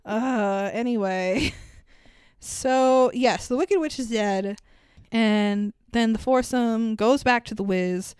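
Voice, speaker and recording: A woman's voice: fairly high pitch, slow, smooth, no echo, clean studio sound. A woman co-hosting a podcast, chatting casually and profanely about a film, laughing often. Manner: profane, laughing, animated storytelling. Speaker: podcast co-host. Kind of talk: casual movie review chat.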